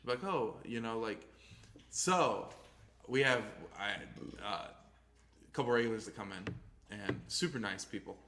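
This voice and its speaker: A man's voice: lowish voice, a little slow, long pauses, a bit bright, a little hiss or hum. A man co-hosting a podcast in casual chat, rambling, swearing freely and trailing off mid-sentence. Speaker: podcast co-host.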